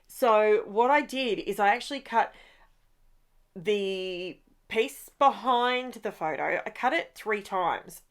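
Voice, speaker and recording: A woman's voice: medium pitch, takes it slowly. A woman hosting a crafting video, chatting casually as she works and often wandering off track. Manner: rambling, self-interrupting, chatty. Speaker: crafting channel host.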